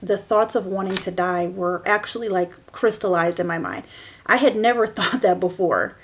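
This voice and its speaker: A woman's voice: animated, moderate pace, slight background noise. A woman hosting a podcast and telling a personal story candidly, often laughing through painful memories and speaking straight to her listeners. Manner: shifts between soft, hushed lines and bursts of higher, louder emphasis. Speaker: podcast host.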